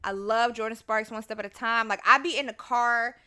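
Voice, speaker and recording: A woman's voice: on the high side, steady tone, a little fast, sharp tone, clean tone. Chatty, profane young woman podcaster. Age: young adult. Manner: chatty, profane, bursts into song. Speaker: podcast host. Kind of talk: casual solo podcast chat.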